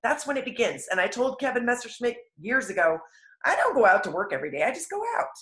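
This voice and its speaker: A woman giving an energetic, enthusiastic motivational training talk to a sales team, telling stories with animated emphasis. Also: on the high side, quick pace, echoey room. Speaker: network marketing trainer.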